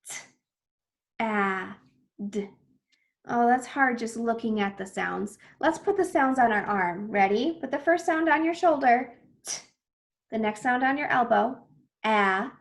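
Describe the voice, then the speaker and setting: Brief: young woman teacher, higher voice, unhurried, stretches out letter sounds for small kids, breaks into big excited praise. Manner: slow, exaggerated phonics sounds with bursts of excited praise. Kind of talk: early reading lesson for children.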